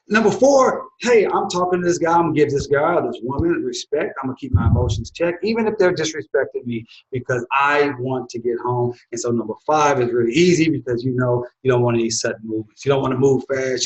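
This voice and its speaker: A man with a fairly high voice teaches his audience their legal rights in an emphatic, repetitive style, hammering short phrases over and over. The recording has a noticeably echoey room sound. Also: lo-fi sound. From United States. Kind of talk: direct-to-camera instructional talk.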